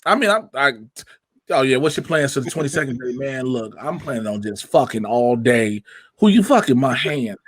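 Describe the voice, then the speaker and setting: A man's voice: medium pitch, moderate pace, husky, no room sound. A young man with a Chicago accent, a podcast host chatting casually over a video call, laughing and swearing as he tells stories. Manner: profane, laughing, animated storytelling. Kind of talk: casual chat.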